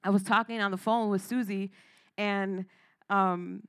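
A woman's voice: mid-range voice, fairly even intonation, unhurried, clear, resonant tone. A woman preaching a sermon, emphatic, calling out to the congregation and laughing between points. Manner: emphatic, calls out "Amen?" and "Come on".

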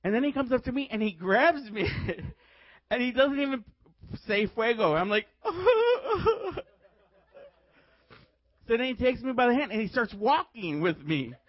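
High-pitched guy from chicago preaching, laughing thru his story, dull dry recording. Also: moderate pace, dry recording. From Chicago, USA. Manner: animated storytelling, laughing often. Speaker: guest preacher. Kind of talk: sermon testimony.

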